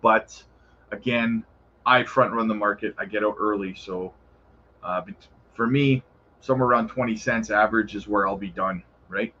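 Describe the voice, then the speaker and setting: A man's voice: fairly low pitch, steady tone, moderate pace, sharp tone, dull audio, slight background noise. A man hosting a casual crypto livestream, answering viewer questions in a laid-back, chummy way and calling viewers brother. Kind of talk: casual live chat reading viewer questions.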